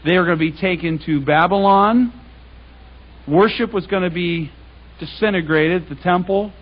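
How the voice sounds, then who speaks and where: Husky high-voiced man giving a talk. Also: moderate pace. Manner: animated, conversational, paraphrases scripture in plain speech. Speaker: public speaker. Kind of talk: congregation talk. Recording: dull lo-fi recording.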